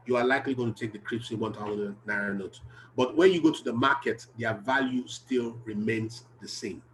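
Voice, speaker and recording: A man's voice: mid-range voice, fairly bright tone, a little hiss or hum, low-quality recording. A man giving an earnest, emphatic self-help talk, repeating key phrases to drive them home. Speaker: behavioral health speaker.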